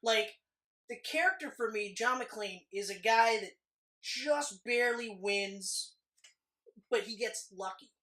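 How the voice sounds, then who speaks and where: A man in his thirties with a high, pushed, bright voice takes his time as he co-hosts a casual movie podcast. He rambles, swears freely, and peppers nearly everything with "like."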